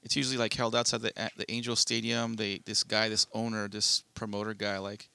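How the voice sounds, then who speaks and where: A man's voice: fairly low pitch, completely flat delivery, a little fast, gravelly, sharp tone, smooth, no echo. A young man co-hosting a podcast, telling a long rambling story in casual chat and swearing freely. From Southern California. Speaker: podcast co-host.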